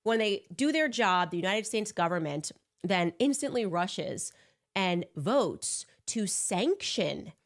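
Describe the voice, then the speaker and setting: A woman delivering opinionated political commentary in a sarcastic, animated way. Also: mid-range voice, slow. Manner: sarcastic, animated, mocks with put-on voices.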